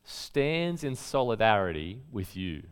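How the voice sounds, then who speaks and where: A man's voice: fairly low pitch, a little slow, smooth. A man preaching a sermon in a conversational way, telling stories and quoting speakers with emphasis. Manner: conversational preaching with lively storytelling and emphatic quotes. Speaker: pastor.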